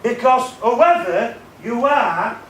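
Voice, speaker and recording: Man, keynote speaker, stammer, emphatic repetition, slow delivery, distant echoey hall. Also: very high-pitched, lively intonation, a bit bright, a little hiss or hum. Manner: emphatic, repeats key words. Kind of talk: motivational talk to students. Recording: roomy, distant mic, faint music.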